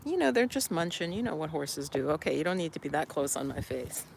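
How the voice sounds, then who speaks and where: Deep and brisk, with vocal fry and big pitch swings, this voice belongs to a woman in her fifties from Jamaica. She speaks with a Jamaican accent as a spiritual life coach chatting casually on a live stream, telling lively stories, acting out quotes and laughing often. A little hiss or hum sits under the audio.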